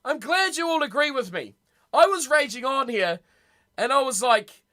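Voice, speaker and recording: A young man hosting a casual live-stream rugby watch party from home, chatty and excitable, reacting aloud to his chat. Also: very high voice, normal speed. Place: home room.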